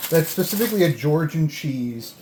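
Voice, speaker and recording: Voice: mid-range voice, animated, moderate pace, echoey room, very noisy. A food vlogger tasting a delivered meal at home, rambling and thinking aloud between bites, filmed on a camera set on a tripod. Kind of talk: casual food-tasting vlog.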